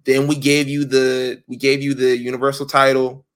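A man co-hosting a wrestling podcast in casual, animated chat, swearing freely and mocking people in quick impressions. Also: medium pitch, smooth. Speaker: podcast co-host.

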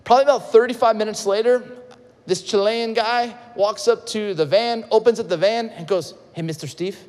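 Animated man preaching in an echoey hall. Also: high voice, moderate pace. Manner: animated storytelling, acts out quotes, swings loud and soft. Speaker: pastor. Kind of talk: sermon with storytelling.

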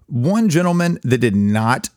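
A man co-hosting a podcast with a Southern US accent, telling the story in a lively, jokey way. His voice sits at an ordinary middle pitch. The sound is close and dry, with no room echo. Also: a little slow. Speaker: podcast co-host. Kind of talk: casual chat.

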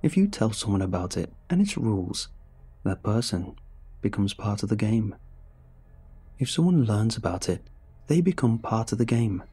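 A man's voice: fairly low pitch, breathy edge. A man reading a scheming demon bargaining for souls. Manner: calm, persuasive explaining. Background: faint music.

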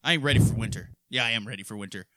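A man from hosting a podcast, telling crude stories in a rowdy, profane, animated way. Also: on the low side, racing, no room sound, studio quality. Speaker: podcast host. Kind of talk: crude casual storytelling.

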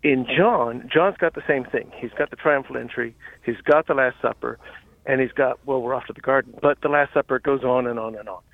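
Gravelly male caller on a tinny phone line. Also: medium pitch, dry recording. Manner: halting, repeats words. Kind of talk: phone-in question.

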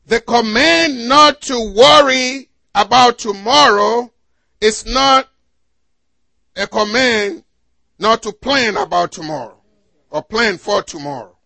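A man preaching a sermon to a congregation, asking them to fill in the words and swinging between loud exhortation and quiet asides. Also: very high voice, takes it slowly, vocal fry, no room sound. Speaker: pastor.

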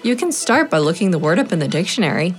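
A woman's voice: fairly low pitch, sing-song, fast talker. A woman playing a kind, encouraging grade-school teacher in a children's audio drama. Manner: warm, encouraging.

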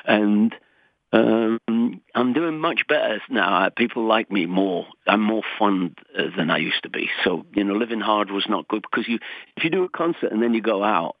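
A man's voice: fairly low pitch, moderate pace, dry recording. Older guy on a tinny phone line, chatty and self-mocking. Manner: chatty, self-mocking, sings snatches of songs. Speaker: guest musician. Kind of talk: casual interview chat.

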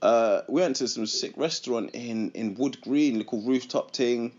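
A man's voice: mid-range voice, normal speed, a little mellow, highs cut off. A man in his twenties with a London accent, telling stories in casual slangy podcast chat and laughing often. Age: 20s. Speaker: podcast host.

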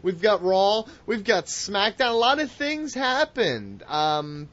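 A man hosting a casual wrestling podcast, loud and excitable, with swearing banter. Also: high-pitched, slow. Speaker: podcast host. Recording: dull lo-fi audio.

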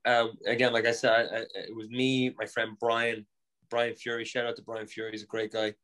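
A man's voice: medium pitch, a little fast. Laughing Irish man telling stories. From Ireland. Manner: animated, laughing, swearing, lots of restarts. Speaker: podcast guest. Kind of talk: casual storytelling.

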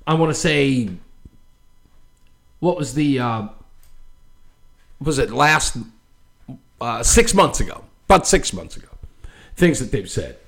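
A man's voice: medium pitch, slow pace, gravelly, pauses often. A man hosting a talk show, ranting with frequent laughs and loose fillers. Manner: ranting, animated, laughs often, many fillers. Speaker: show host. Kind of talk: opinionated political commentary.

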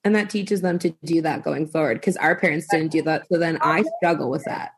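Woman, lowish husky voice with strong fry, earnest and reflective. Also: steady tone, a little fast. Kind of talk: casual chat.

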